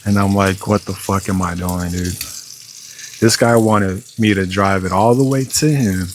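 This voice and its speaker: A young man with a lowish voice rambles through a story as he cooks at home, swearing freely and sounding fed up. Frying food and faint noise sit behind him in the kitchen. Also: a little slow, poor audio. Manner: profane, exasperated storytelling with lots of fillers. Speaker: vlogger. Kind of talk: casual storytelling vlog while cooking.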